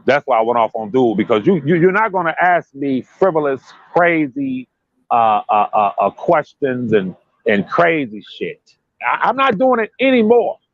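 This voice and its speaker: A man giving casual, profane commentary in an emphatic, animated way. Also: medium pitch, normal speed, no echo, lo-fi sound.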